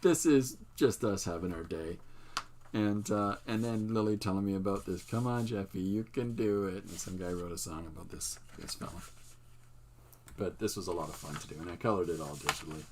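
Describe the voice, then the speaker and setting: An older man who hosts his own art channel, casually showing his pages in a relaxed, meandering, self-amused way. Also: low voice, brisk, a little hiss or hum. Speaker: artist and channel host. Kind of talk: casual show-and-tell livestream.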